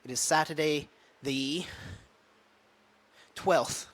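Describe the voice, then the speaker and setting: A man's voice: a little high, very slow, a bit bright. Scottish man chatting casually to camera. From Scotland. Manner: rambling, many fillers and restarts, thinking aloud. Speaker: open mic comedian vlogging. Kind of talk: casual vlog chat. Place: at home with a dog.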